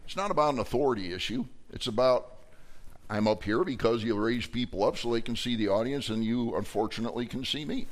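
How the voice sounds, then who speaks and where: Animated preacher acting out quarrels. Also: male voice, medium pitch, fairly quick. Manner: animated preaching, acts out arguing voices; conversational, joking with the congregation. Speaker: pastor. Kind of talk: sermon.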